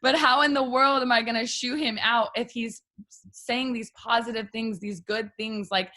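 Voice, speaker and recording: A woman's voice: on the high side, normal speed, sharp tone. A young woman talking casually and emotionally to her live viewers, full of fillers. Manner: chatty and emotional, many "like" fillers. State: near tears at times. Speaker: livestream host.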